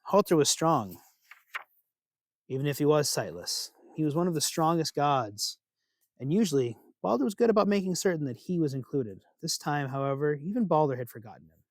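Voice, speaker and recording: A man narrating a myth as a storyteller, expressive and unhurried. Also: on the high side, no room sound, studio quality.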